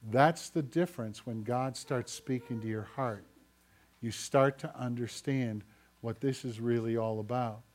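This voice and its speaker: A man preaching a sermon, swinging from urgent, raised passages to hushed, quiet ones. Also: medium pitch. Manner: dramatic shifts between loud urgency and hushed quiet. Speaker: pastor.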